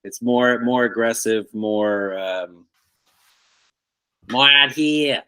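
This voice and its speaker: A man's voice: mid-range voice, drawn-out words, bright, forceful tone, clean tone. A middle-aged American man with a light Boston-New York accent, a guest in a casual interview, dry and self-deprecating, laughing often. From American East Coast, north of Boston.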